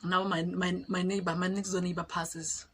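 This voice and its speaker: A woman's voice: lowish voice, normal speed, slight background noise. Laughing young woman telling a story. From Botswana. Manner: animated, laughing, chatty storytelling. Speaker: YouTuber. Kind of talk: storytime vlog.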